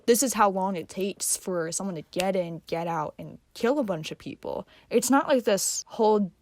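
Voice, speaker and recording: A woman's voice: mid-range voice, normal speed, a little mellow, no echo. A young woman hosting a casual reaction vlog, slangy and sarcastic. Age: young adult. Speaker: vlogger, host.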